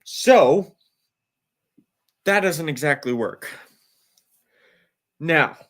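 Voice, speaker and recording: A man's voice: on the high side, lively intonation, extremely slow. A man hosting a casual sports talk show, emphatic and incredulous as he breaks things down. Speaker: podcast host.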